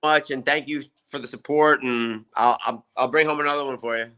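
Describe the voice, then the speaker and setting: A man's voice: mid-range voice, steady tone, brisk, sharp tone. A man, chatting with the host as a guest in a friendly, upbeat way. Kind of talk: casual chat.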